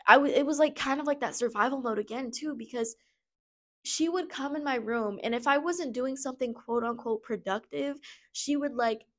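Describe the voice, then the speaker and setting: A young adult woman with a slightly higher voice tells her own story on her podcast. She speaks candidly and loosely, with plenty of fillers, and gets blunt, swearing now and then. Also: moderate pace. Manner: candid and rambling, many fillers. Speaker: podcast host. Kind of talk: personal storytelling.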